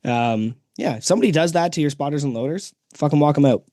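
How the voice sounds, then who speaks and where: A man's voice: fairly high pitch, animated, fast talker, dark tone, no room sound, studio quality. A man co-hosting a podcast in casual chat, laughing often and swearing freely. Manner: laughing, profane. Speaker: podcast co-host.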